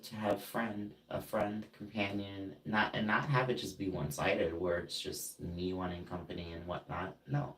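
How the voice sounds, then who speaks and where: A man venting about friends who hurt him, indignant and halting, with frequent fillers and restarts. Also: sits low, fairly even intonation, fairly bright tone. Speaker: vlogger. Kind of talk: emotional personal vent. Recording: roomy, distant from the mic.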